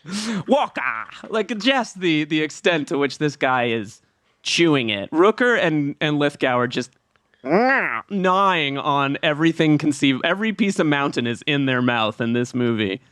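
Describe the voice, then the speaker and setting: A man co-hosting a movie podcast in casual, excitable chat, laughing often. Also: fairly high pitch, normal speed, clean tone, no echo. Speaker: podcast co-host.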